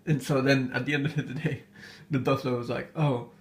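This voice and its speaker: A man's voice: mid-range voice, little pitch movement, fairly quick. A man casually retelling an old folk tale, hesitant and full of fillers, often amused by his own story.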